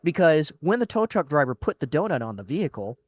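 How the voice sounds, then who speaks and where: A man's voice: a little high, fast, no echo. A man hosting a casual talk show on a studio microphone, telling a story in an exasperated tone and acting out the other people in it. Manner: animated, acts out other people's lines in the story; exasperated, laughs between lines. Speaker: radio host.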